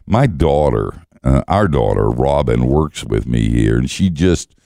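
A man's voice: rumbling low, very animated, a little slow, vocal fry, warm tone, no echo, clean studio sound. An older man, a guest teacher, telling stories in conversation with wry, self-mocking humor and frequent chuckles. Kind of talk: storytelling conversation.

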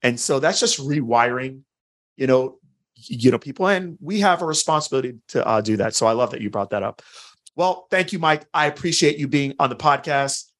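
A man hosting a podcast, telling a story in a casual, enthusiastic way with quick asides. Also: mid-range voice, expressive, a bit bright. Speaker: podcast host. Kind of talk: casual interview chat.

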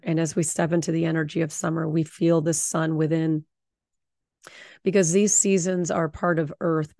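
A middle-aged woman hosting a podcast, giving earnest spiritual affirmations and teaching in a slow, soothing way. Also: sits low, gravelly, warm tone, no echo, studio quality. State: tearful, voice breaking with emotion. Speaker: podcast host.

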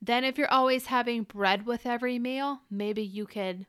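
Podcast host, woman, smooth clear voice, upbeat coaching chat, dry close mic. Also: fairly high pitch, normal speed, hardly any pauses, fairly bright tone, no room sound. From Ukrainian family. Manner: chatty and encouraging, talks straight to the listener. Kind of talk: solo podcast monologue.

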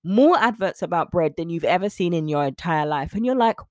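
A woman hosting a solo podcast, chatty and animated, acting out little scenes as she talks. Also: lowish voice, fairly quick, no room sound, clean studio sound. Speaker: podcast host.

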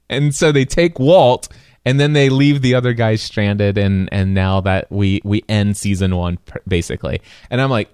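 A man co-hosting a podcast, telling a story in casual chat with animated asides. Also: on the low side, clear, resonant tone, no echo, studio quality. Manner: animated, quick asides, acts out his own reactions. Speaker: podcast co-host.

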